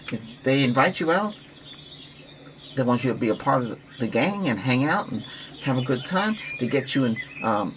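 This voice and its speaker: A man who practices Reiki, giving a rambling relaxation talk with breathing guidance, repeating himself and coaching gently. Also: medium pitch, slight background noise.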